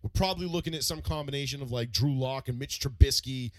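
A man in casual sports chat, telling stories with animated swearing and many restarts. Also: mid-range voice, fast, dry recording. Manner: animated, profane storytelling with lots of restarts.

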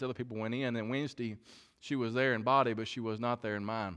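A man preaches a sermon in church, his voice sitting at an ordinary middle pitch. He is earnest and heartfelt, often circling back and repeating words as he works toward his point. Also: steady tone, fast, a bit bright.

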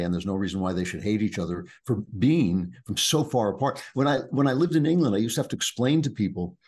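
A man's voice: on the low side, a little mellow, breathy edge. A middle-aged man from Long Island, an author talking reflectively about his books and telling anecdotes, with frequent restarts. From United States, Long Island. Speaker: author guest. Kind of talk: conversational book talk.

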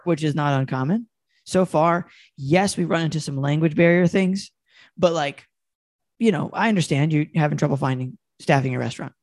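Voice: mid-range voice, moderate pace, darkish tone, dry recording. A podcast co-host reading an ad aloud and joking, laughing often. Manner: giggly, wry, frequent laughs.

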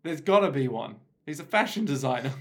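A man's voice: medium pitch, big pitch swings, a bit bright. A man co-hosting a podcast, reacting and joking in a casual chat. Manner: reactive, joking, quick to laugh. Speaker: podcast co-host.

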